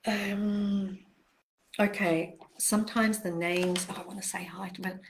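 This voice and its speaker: An older woman hosting a live question-and-answer stream, speaking in a gentle, reassuring way with soft pauses and repeated phrases. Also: mid-range voice, steady tone, gravelly. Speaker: self-help author hosting a live Q&A.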